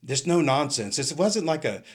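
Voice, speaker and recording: A middle-aged man who is a retired police captain, telling stories in a casual interview in a rambling, halting way full of fillers and restarts. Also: fairly high pitch, big pitch swings, husky. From California.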